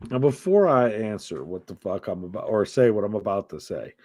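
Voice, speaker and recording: This is a man with a fairly low-pitched voice, talking a little fast in clean studio sound with no echo. Hosting a laid-back podcast, he swears freely through an animated story and voices the other characters' lines himself.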